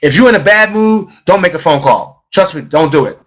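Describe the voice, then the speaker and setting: A middle-aged man giving an energetic sales training talk, emphatic and repetitive, often asking the audience questions. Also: a little high, brisk. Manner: emphatic, repeats himself, asks the audience questions. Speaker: network marketing trainer.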